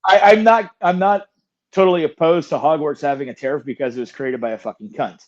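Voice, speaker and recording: A man's voice: a little high, fairly quick, a little mellow, dull audio. A man co-hosting a podcast in casual chat, wry and profane, often trailing off into mutters. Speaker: podcast co-host.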